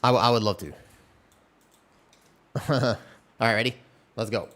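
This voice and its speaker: A man chatting casually on a live game stream from a room at home, in a relaxed, rambling, self-deprecating way. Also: medium pitch, measured pace. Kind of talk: casual live-stream chat while gaming.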